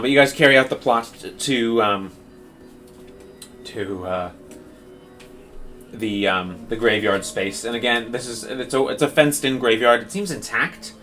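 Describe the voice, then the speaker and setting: A man's voice: on the low side, fairly bright tone. A man narrating a tabletop game as dungeon master, describing scenes in a rambling way with many fillers.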